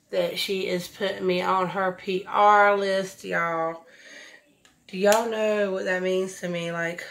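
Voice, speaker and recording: A woman, chatting effusively through a makeup tutorial, recorded at home on a camera mic. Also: mid-range voice. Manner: chatty, effusive, says y'all a lot. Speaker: beauty vlogger. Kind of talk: casual makeup tutorial chat.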